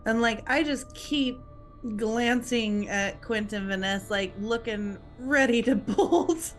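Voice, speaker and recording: A woman player casually describes what her character does in a tabletop game. She speaks slowly and a little unsurely. Soft music plays underneath. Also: on the high side.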